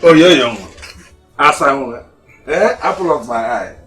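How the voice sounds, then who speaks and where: An actor with a Nigerian accent playing a boastful, coaxing husband of two wives, shouting for one and wheedling the other. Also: male voice, medium pitch, measured pace, soft background music. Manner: animated, calls out loudly, then wheedles softly.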